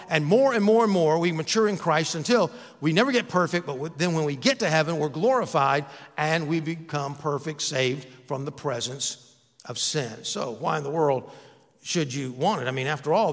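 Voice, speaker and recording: A man's voice: on the high side, fairly bright tone, in a large hall. An older man and pastor giving a conversational sermon, asking the congregation rhetorical questions. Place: church sanctuary.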